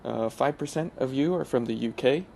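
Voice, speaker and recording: A man hosting a gaming channel, talking through gameplay in a casual, hesitant way with many pauses and restarts. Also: mid-range voice, gravelly, darkish tone, a little hiss or hum. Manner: hesitant, full of uh fillers and restarts.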